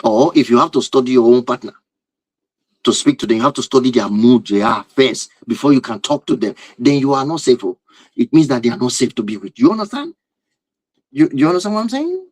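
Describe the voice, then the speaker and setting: A man's voice: mid-range voice, animated, a little fast, a little mellow, dry recording, poor audio. A man speaking as a relationship teacher who addresses his viewers in an emphatic, repetitive lecture and often asks rhetorical questions. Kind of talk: lecture-style talk to viewers.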